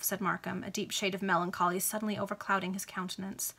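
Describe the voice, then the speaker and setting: Woman reading a novel aloud to friends on a video call; bright, amused. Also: mid-range voice, flat delivery, fast, hardly any pauses, husky. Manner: amused, giggly asides. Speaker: reader. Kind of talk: casual read-aloud of a Victorian novel.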